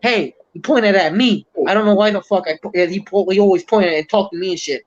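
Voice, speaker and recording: A man's voice: sits high, fast talker. A man hosting a livestream, ranting in casual, heavily profane chat. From Puerto Rico. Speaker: livestream host. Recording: muffled lo-fi stream audio.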